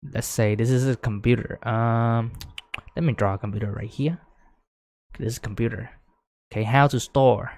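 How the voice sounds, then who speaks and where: A man giving a casual whiteboard lecture, full of fillers like "right?", growing excited as he explains. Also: medium pitch, normal speed, long pauses. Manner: chatty, many fillers, rising excitement when explaining. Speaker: teacher.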